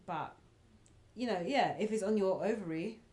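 A woman's voice: mid-range voice, normal speed, a little mellow. A woman co-hosting a podcast, chatting casually and reacting with lots of short agreeing replies. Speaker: podcast co-host. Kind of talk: casual chat.

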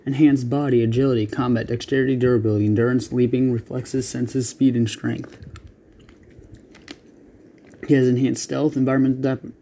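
A man hosting his own creature battle show, reading lists haltingly, stumbling over words and clearing his throat often. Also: mid-range voice, little pitch movement, warm tone. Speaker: host of a creature battle channel. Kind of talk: casual read-out narration.

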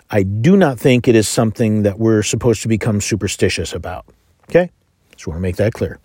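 A man gives a Bible lesson in a measured, earnest voice, reading scripture aloud and then explaining it. His voice sits at an ordinary middle pitch for a man. The recording is dry, with almost no room sound. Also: a little mellow, no echo. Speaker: Bible teacher.

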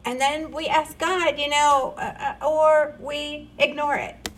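A woman's voice: high-pitched, steady tone, slow, fairly bright tone, slight background noise, poor audio. A woman preaching a sermon, earnest and rising into emphatic questions.

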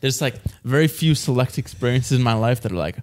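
A man's voice: mid-range voice, animated, fairly quick, a little mellow. A young man in casual chat, rambling through a story with lots of fillers and laughs.

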